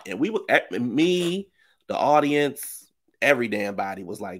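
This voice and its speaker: A man's voice: medium pitch, very animated, a little slow. A man giving rambling, slangy commentary on reality TV gossip with lots of asides. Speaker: commentary vlogger.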